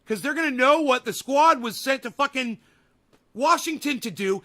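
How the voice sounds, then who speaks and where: A man hosting a livestream, ranting at his chat. He yells and swears in exasperation, then drops to an apologetic mutter. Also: very high-pitched, lively intonation, normal speed. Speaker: livestream host. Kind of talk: ranting live commentary.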